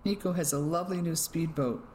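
A storyteller voicing an assured Englishwoman who talks in a gentle but firm manner. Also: medium pitch, brisk, slight background noise, lightly acted. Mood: kindly.

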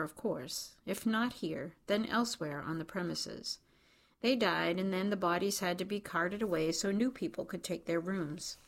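A woman reads an audiobook in a low voice with a gravelly, fry-edged texture. Her telling is wry and dry. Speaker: narrator. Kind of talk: audiobook narration.

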